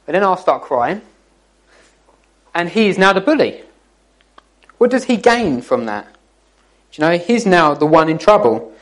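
Guy, kinda high voice, chatty jokey church talk for young people. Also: big pitch swings, unhurried, pauses often, rough recording. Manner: jokey, chatty, teasing the listeners. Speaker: youth speaker.

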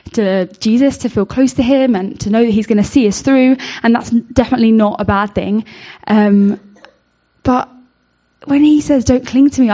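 A woman with a mellow, medium-pitched voice offers an informal devotional talk reflecting on the Bible. She sounds earnest and searching, with many fillers and restarts. The recording is dull and lo-fi.

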